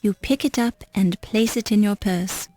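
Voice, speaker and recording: A woman's voice: medium pitch, normal speed, warm tone, no room sound, soft background music, close to an everyday voice. A woman voicing a wry game narrator, reading dry, matter-of-fact descriptions in scripted narration.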